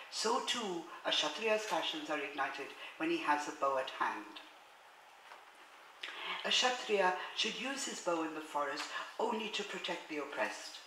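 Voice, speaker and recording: Bright-voiced woman lecturing in an echoey hall. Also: on the low side, slight background noise. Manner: hesitant between readings, many fillers and restarts; measured, formal read-aloud delivery of translated text. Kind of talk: public lecture with passages read aloud. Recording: roomy hall echo, faint ambience.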